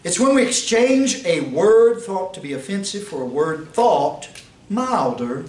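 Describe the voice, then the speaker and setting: Pastor, high voice, swoops and shouts, caught from across an echoey church room. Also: male voice, big pitch swings, measured pace. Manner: rhetorical questions, pitch swings, rises to shouts. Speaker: pastor teaching a Bible institute class. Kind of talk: fiery preaching. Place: church classroom. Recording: roomy, distant mic, faint hiss.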